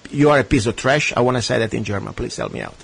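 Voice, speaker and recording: A man's voice: medium pitch, fast, vocal fry, husky. A man from Italy with an Italian accent, hosting a talk radio show in a sarcastic, ranting, emphatic way. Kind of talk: talk radio chat with a guest.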